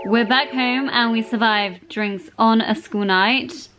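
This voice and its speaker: A woman's voice: a little high, slow, fairly bright tone. A young woman in her twenties talks through her week in a casual vlog. She sounds chatty and upbeat and speaks straight to her viewers, with faint music playing beneath her voice. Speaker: vlogger, radiographer.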